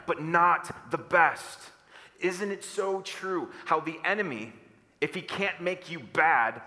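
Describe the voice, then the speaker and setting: Preacher guy, bright forceful voice, echoey hall, gets the crowd repeating after him. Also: a little high. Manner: animated preaching with call-and-response, repeats phrases. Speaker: pastor. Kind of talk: sermon. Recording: echoing hall.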